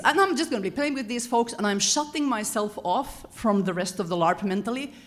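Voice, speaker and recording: A woman giving a lecture-style talk to an audience, animated and often correcting herself mid-sentence. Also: a little high, a little fast, a little hiss or hum. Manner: animated, self-correcting, chuckles between points. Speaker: conference speaker.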